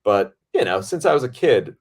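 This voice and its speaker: A man hosting a podcast, telling a set story in a casual, excitable way and swearing freely. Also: mid-range voice, normal speed. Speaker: podcast host and film director.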